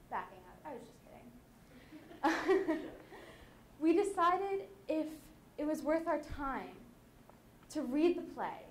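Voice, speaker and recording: A teenage girl with a high voice gives a chatty, lively talk to her peers. Her voice rings around a roomy school auditorium with a faint hum behind it. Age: late teens. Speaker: student speaker. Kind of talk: youth conference talk. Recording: echoey hall.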